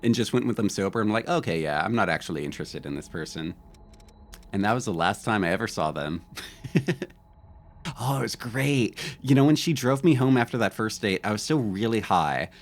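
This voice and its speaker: Deep-voiced laid-back male streamer. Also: lively intonation, moderate pace. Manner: rambling, laid-back, with frequent fillers and laughs. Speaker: game streamer. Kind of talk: casual live-stream chat and storytelling.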